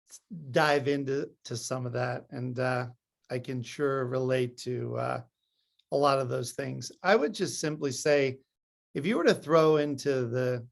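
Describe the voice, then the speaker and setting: A man hosting an online session, talking in a relaxed, halting way with many fillers. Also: mid-range voice, gravelly. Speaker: session host.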